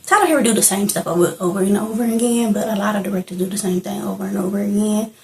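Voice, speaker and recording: A woman's voice: mid-range voice, fast, a little mellow, a little hiss or hum, poor audio. A young woman chatting casually in a reaction vlog, rambling and laughing as she reviews a film. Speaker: movie reviewer.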